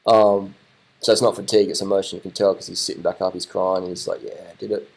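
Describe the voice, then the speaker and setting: Brief: lower-voiced guy, loose off-the-cuff video commentary, excitable and repetitive, casual swearing. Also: quick pace, poor audio. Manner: excitable, rambling, swears casually, repeats himself. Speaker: vlogger commenting on race footage.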